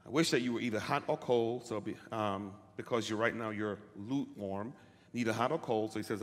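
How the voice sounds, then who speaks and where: A man preaching a sermon as pastor, often checking in with the congregation and rising from quiet talk to shouted calls. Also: lowish voice, fairly quick. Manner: asks the congregation questions. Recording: hall reverb.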